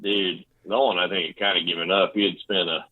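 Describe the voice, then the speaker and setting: A man's voice: sits low, fairly even intonation, fast, no room sound. A man co-hosting a casual fantasy league chat, rambling and bluntly trash-talking with laughs. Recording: tinny phone-line sound.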